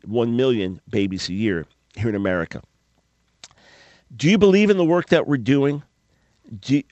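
A man's voice: fairly low pitch, no echo. A man hosting a radio talk show, preaching earnestly and pleading with listeners, with small stumbles and repeated words. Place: radio studio. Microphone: studio microphone.

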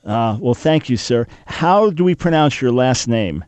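Male radio host, mid pitch, dry close studio sound, earnest and emphatic. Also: expressive, unhurried, darkish tone, clear, resonant tone, dry recording. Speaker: radio talk show host. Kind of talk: talk radio hosting.

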